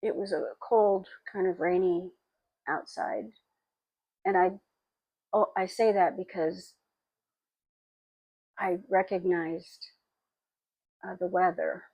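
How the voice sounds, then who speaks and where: A woman in her sixties speaks slowly and haltingly, pausing often as she shares memories, her emotion close to the surface. Her voice is husky with a gravelly fry, recorded dry and close. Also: on the low side, little pitch movement, dry recording, muffled recording. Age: 60s. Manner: halting and reflective, with frequent pauses and fillers; tearful and emotional. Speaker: spiritual vlogger. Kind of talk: personal memoir monologue.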